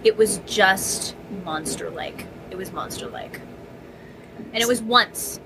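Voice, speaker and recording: A woman's voice: medium pitch, takes it slowly, background noise. A woman co-hosting a podcast, recalling a spooky event in an earnest way and often repeating her words. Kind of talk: casual chat.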